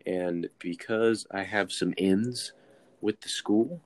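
A man's voice: sits low, slow, darkish tone. A young man from Texas, telling a self-mocking story in casual chat and acting out the quotes.

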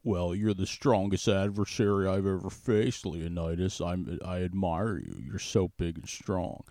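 A smug, leering god-king emperor, played by a man purrs his offers in a very deep voice. The delivery is slow and suggestive, in the style of an improvised comedy bit. The recording is close and dry. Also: warm tone, no room sound. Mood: seductive. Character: lewd, seductive male god-king emperor.

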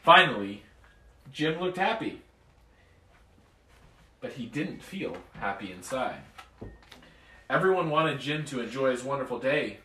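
Dad reading a bedtime story aloud. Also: male voice, mid-range voice, measured pace, long pauses. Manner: expressive reading aloud, relaxed chat with kids. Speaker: father. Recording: echoey room, far from mic.

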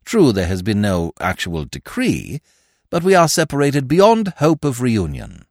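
A man voicing a suave, verbose young gentleman in a storybook reading, speaking in ornate, grave, mock-sincere sentences. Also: medium pitch, huge pitch swings, measured pace, no echo, clean studio sound, full character voice. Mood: mock-solemn.

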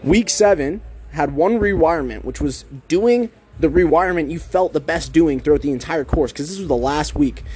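A man's voice: on the high side, lively intonation, normal speed, mellow, breathy edge. A young man talking casually and energetically to his listeners, addressing them directly. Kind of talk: casual monologue.

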